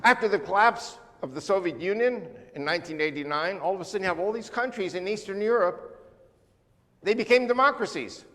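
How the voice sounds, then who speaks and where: Older male guest speaker, high-pitched voice, emphatic lecturing, reverberant church hall. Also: brisk. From United States. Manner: emphatic, animated lecturing with sweeping lists. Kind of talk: church talk on world politics.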